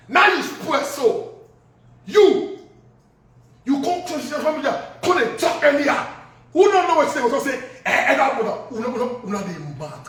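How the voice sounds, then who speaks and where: In an angry social media rant, a man speaking in a Nigerian Pidgin accent throws insults with an extremely high, fairly bright voice. The recording sounds distant and echoey.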